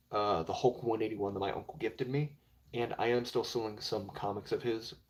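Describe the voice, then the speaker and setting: A young man chatting casually on a live stream about comic books, rambling and filling with 'like' and 'you know'. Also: fairly low pitch. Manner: rambling, heavy with filler words.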